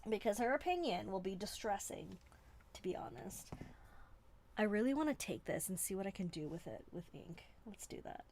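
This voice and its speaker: A woman's voice: mid-range voice, very animated, fairly quick, few pauses, darkish tone, a little hiss or hum. A woman from Canada hosting a live stream, chatting in a rambling, playful, self-mocking way from a desk indoors. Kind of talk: casual live-stream chat.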